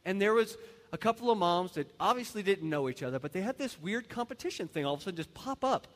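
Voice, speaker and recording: A man's voice: high voice, expressive, quick pace, big-room sound. A man preaching a sermon in church, joking and quizzing his congregation with questions. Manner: humorous, asks the congregation rhetorical questions. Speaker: pastor. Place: church sanctuary.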